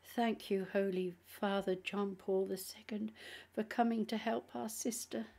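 A woman reading aloud and voicing a male exorcist priest who speaks softly and firmly. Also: mid-range voice, steady tone, a little slow, creaky. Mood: hushed firm.

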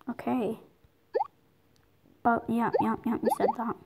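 A woman giving rambling, excitable commentary over her own gameplay, talking to herself as she plays. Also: a little high, slow pace, long pauses, noisy background. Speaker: gaming video creator.

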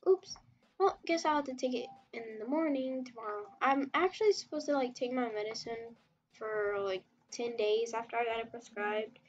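A woman's voice: fairly high pitch, moderate pace, muffled recording, a little hiss or hum. A woman streaming while she draws, chatting casually and rambling as she reacts to chat, with frequent giggles. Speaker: webtoon artist streamer.

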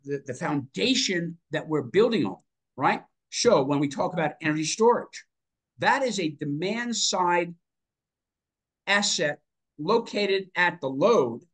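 A man's voice: high-pitched, a bit bright. A man on a panel, talking emphatically with rhetorical asides and growing enthusiasm. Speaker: panel guest, finance expert.

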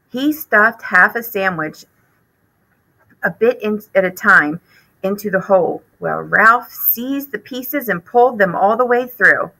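A woman teacher reading a children's chapter book aloud in an expressive, animated way. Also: medium pitch, slow pace, creaky, rough recording.

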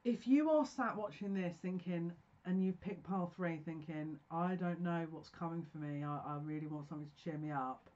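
A woman's voice: fairly low pitch, moderate pace, hardly any pauses, a little mellow, muffled recording. A woman giving a pick-a-card tarot reading, effusive and emotional, talking in bursts with restarts.

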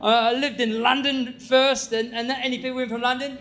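A man with an Australian accent doing stand-up comedy in an animated, shouting delivery. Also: very high voice, a little fast, hardly any pauses, slight background noise.

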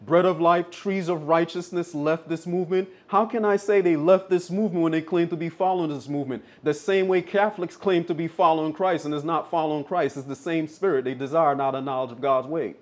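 A man's voice: on the high side, steady tone, brisk, few pauses. A man preaching a sermon, insistent and repeating his points for emphasis.

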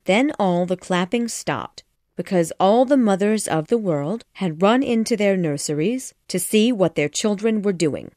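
This audiobook of a children's classic is told by a woman in a measured, expressive storytelling manner. She speaks at medium pitch, captured in clean studio sound without any room noise.

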